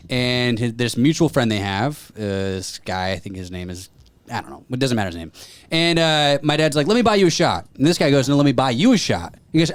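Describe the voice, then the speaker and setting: In a casual podcast chat, a male co-host with a mid-range voice tells a story, animatedly acting out the people he quotes. There's no room sound.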